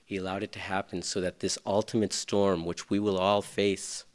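A man preaching a sermon, swinging between loud, urgent passages and hushed, near-whispered ones. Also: sits low, level tone, moderate pace. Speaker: pastor.

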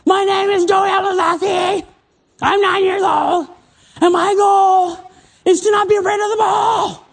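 A man acting out a young boy at summer camp, loudly shouting out his goal. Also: extremely high pitch, steady tone, creaky, pitched above the performer's own voice, exaggerated voice. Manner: loud, drawn-out shouting.

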